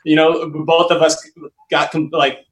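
A man's voice: a little high, little pitch movement, measured pace, fairly bright tone, roomy sound, rough recording. A man guest in a casual interview, rambling and laughing often as he trails off. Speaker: guest, Las Vegas entertainer.

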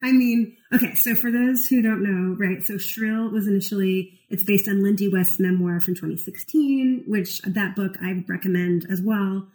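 A woman co-hosts a relaxed conversation, explaining an idea in an animated way. She counsels clients and leans on fillers like "like" and "you know." Her voice sits at an ordinary middle pitch. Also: normal speed, few pauses, poor audio. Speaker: therapist and podcast co-host. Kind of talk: casual conversational chat.

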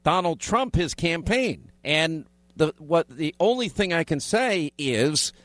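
A man's voice: a little high, expressive, slow, fairly bright tone, dry recording. A man hosting a radio talk show, rambling in a combative way and often restarting his sentences. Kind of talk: casual studio banter and commentary. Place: radio studio. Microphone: studio microphone.

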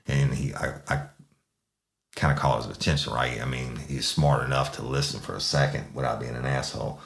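Man, ex-police sergeant, very deep voice, blunt, profane, casual storytelling. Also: steady tone, brisk, creaky, a bit bright, roomy sound. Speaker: podcast host, former police sergeant. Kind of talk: casual true-crime storytelling.

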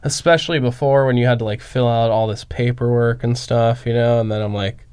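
A man's voice: medium pitch, steady tone, a little fast, darkish tone, clear, resonant tone, no room sound. A man in casual podcast chat, blunt and swearing a lot.

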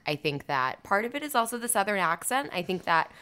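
A woman's voice: medium pitch, sing-song, brisk, sharp tone, clear, resonant tone. A woman co-hosting a podcast in casual chat, musing aloud and hedging with "I think" and "I don't know". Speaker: podcast co-host.

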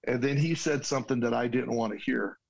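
Man, mid-pitched, guest sharing a heartfelt personal story, earnest, restarts now and then. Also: brisk, gravelly, poor audio. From United States.

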